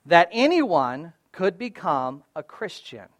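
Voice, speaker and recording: Male pastor, fairly high voice, dry close sound, chatty sermon delivery that swings between forceful and soft. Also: sing-song, takes it slowly, no room sound. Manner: conversational preaching with frequent "all right?" and "right?" check-ins; swings between loud emphatic stresses and quiet low asides.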